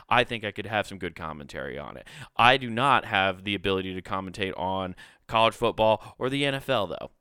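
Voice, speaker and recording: A man's voice: medium pitch, sharp tone, smooth, no echo, clean studio sound. A man in his thirties hosting a solo podcast, rambling and profane, mocking himself and laughing often. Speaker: podcast host. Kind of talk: casual solo podcast rant.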